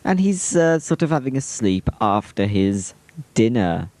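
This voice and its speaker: A man's voice: medium pitch, big pitch swings, measured pace, a little mellow, dry recording. A man giving a cheeky, teasing humorous voice-over on old home videos. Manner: cheeky, teasing, chuckling asides.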